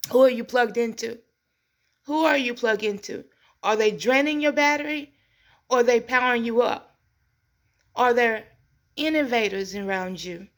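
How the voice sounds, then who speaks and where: A middle-aged woman hosts a community show with an earnest, heartfelt delivery. She speaks like a preacher, and her voice sits a little higher than most. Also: fairly bright tone. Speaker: host. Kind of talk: inspirational monologue.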